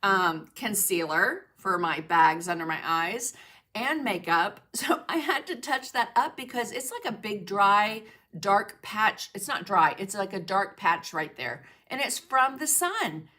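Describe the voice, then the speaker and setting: A middle-aged woman chats on a casual livestream, greeting viewers by name and laughing easily. Her voice is bright and clear at a medium pitch. It is picked up by a webcam microphone in her home studio. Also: animated, unhurried. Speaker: art journaling livestream host.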